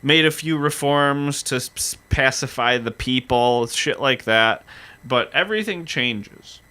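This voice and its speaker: A man co-hosting a casual history podcast, telling the story in an animated, profane way. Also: medium pitch, measured pace, smooth, no room sound. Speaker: podcast co-host.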